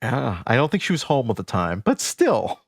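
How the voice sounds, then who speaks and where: Lively man telling a story on a podcast. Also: mid-range voice, moderate pace, gravelly, breathy edge, no room sound, studio quality. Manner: animated storytelling, playful asides. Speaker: podcast co-host. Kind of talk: casual chat, recounting facts.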